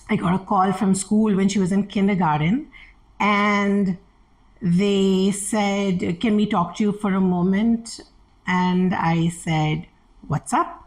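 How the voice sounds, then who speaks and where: Speaking at a medium pitch over a rough recording, a middle-aged woman recounts candid family stories as an interview guest. She delivers them with animation, acting out each quoted exchange.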